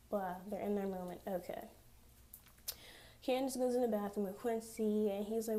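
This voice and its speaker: A young woman casually recapping a TV episode, chatty and profane, with sarcastic asides and quick acted-out quotes of the characters. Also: mid-range voice, flat delivery, dark tone. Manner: acts out characters' lines in quoted voices. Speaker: TV recap vlogger.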